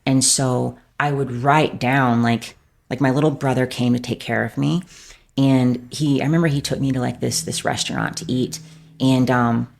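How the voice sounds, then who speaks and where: Guesting on a podcast, a woman with a bass voice shares a candid personal story at a normal speed. Her tone is steady, creaky and a little mellow, and she rambles on, dropping "like" into every phrase.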